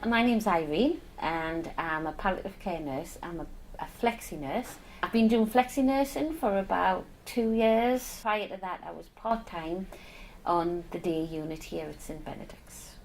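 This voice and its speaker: Her voice is lowish and unhurried, with hardly any pauses, over slight background noise in a rough recording. She's a middle-aged palliative care nurse from Northeast England, warm, candid and sometimes emotional as she tells personal stories about her work for a documentary interview.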